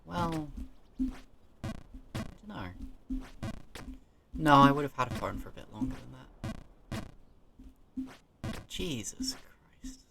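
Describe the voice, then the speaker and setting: A man's voice: medium pitch, expressive, takes it slowly, gravelly, long pauses, music in the background. A young man with a British accent talks to himself in a rambling, sweary way. He corrects himself often and drops into muttered asides. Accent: British English. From Britain. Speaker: vlogger. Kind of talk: rambling solo chat.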